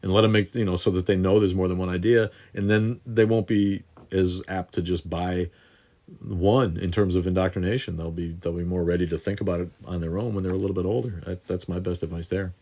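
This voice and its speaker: A man hosts a casual livestream Q&A from an indoor room, filming on a phone camera in selfie mode as he answers viewer questions. His low, mellow voice stays steady and fairly quick while he rambles and cracks crude jokes.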